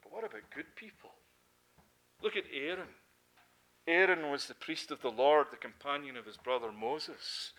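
A Scottish man in middle age delivering a sermon with a bright, ringing tone and a fairly high voice for a man. He preaches earnestly, pressing hard on key words before dropping back to a quieter register. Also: moderate pace. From Scotland. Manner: earnest, rising to emphatic peaks then dropping low.

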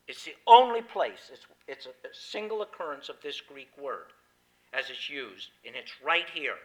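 A man's voice: a little high, a bit bright, poor audio. A man preaching a sermon, explaining a scripture passage and stressing key words with emphasis. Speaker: pastor.

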